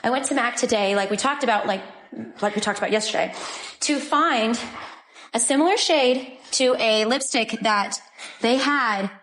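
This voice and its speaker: A woman's voice: fairly high pitch, moderate pace, fairly bright tone. A young woman chatting casually on a live stream at home, gushing over her dogs. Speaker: livestream host. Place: home, indoors.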